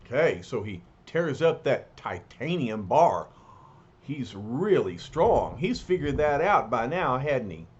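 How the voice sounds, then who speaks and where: A man's voice: mid-range voice, sing-song, slow pace, husky, lo-fi sound. A man reading a comic book aloud and narrating it, with chatty asides between the lines. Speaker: reader.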